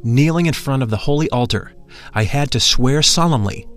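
A man's voice: medium pitch, normal speed, soft background music. A man narrating a mystical first-person account in an earnest, reverent reading.

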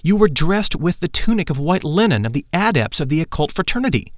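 A man's voice: on the high side, big pitch swings, fairly quick, no echo, studio quality, voice pushed up. Man putting on a solemn female adept. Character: female adept mystic, calm wise teacher.

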